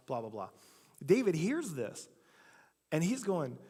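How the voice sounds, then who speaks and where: On the high side and sing-song, a man's voice preaches at normal speed in a church sanctuary with long hall reverb. This pastor narrates a story casually, acting out every quote in his own voice.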